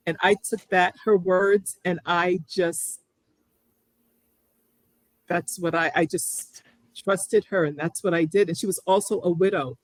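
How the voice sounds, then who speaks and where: A woman's voice: fairly low pitch, fairly even intonation, a little slow, long pauses, no room sound, rough recording. A middle-aged woman, a guest on an interview show, speaking earnestly and reflectively, often restarting her sentences. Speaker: guest sharing her story. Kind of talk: candid interview.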